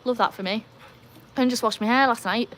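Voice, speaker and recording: A woman's voice: a little fast, a little hiss or hum. Chatty Englishwoman hosting a live stream. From England. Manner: chatty, jumps to high excited greetings. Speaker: livestream host reading chat. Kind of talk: casual live chat. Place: outdoors by a backyard pool.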